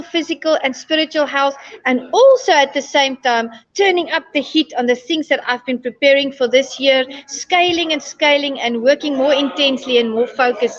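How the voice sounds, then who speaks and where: A woman from South Africa with a South African accent speaks upbeat and affirming as a guest on an online show. Her voice sits high. The sound is dull and lo-fi, as over a video call. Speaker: guest speaker, podcast host.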